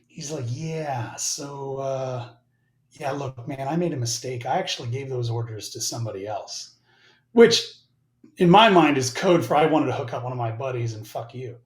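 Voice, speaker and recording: A man's voice: medium pitch, normal speed. A man in his forties, a podcast guest, telling a story in a casual, profane way and acting out both sides of each conversation. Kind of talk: casual storytelling with acted-out dialogue. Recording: roomy echo.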